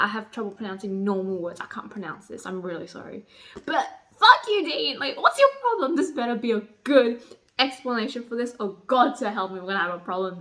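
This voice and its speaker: A young woman with a high voice chats through her reading vlog. She gushes and vents by turns, swearing freely and laughing often. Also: fairly bright tone. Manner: gushing and exasperated, swears and laughs a lot. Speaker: book vlogger. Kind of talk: casual reading vlog chat.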